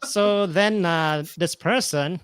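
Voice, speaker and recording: Man, guest; bright, dry-sounding voice, hesitant storyteller who acts out the dialogue. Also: high-pitched, slow, smooth, no echo. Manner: rambling, hesitant, many fillers, acts out dialogue. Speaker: podcast guest. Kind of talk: casual storytelling chat.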